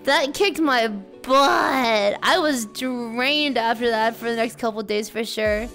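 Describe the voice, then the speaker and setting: A woman's voice: fairly high pitch, slow pace, fairly bright tone, faint music behind. A woman hosting a live stream in casual chat, playful and bubbly, greeting her viewers with a slightly sore voice.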